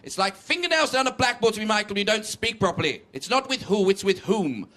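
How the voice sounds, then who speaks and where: A man's voice: high voice, very animated, fairly quick, a bit bright, voice pushed up. A man doing a prim scolding old aunt. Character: stern pedantic aunt, older woman, always correcting.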